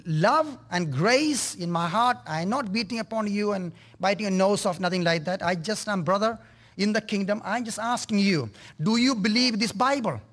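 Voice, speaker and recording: A man preaching a sermon, moving from quiet storytelling to impassioned, pleading cries. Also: very high voice. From India. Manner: impassioned, rising to fervent cries.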